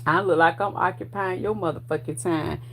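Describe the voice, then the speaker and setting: A woman in her forties rants straight at her online audience, swearing freely and daring anyone to argue. Her voice sits a bit low and has a gravelly, fry-laden edge. She talks like she is picking a fight and enjoying it. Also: fairly even intonation, brisk, a little hiss or hum. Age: 40s. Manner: profane, confrontational, loud bursts of laughter. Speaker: vlogger. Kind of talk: ranting commentary to viewers.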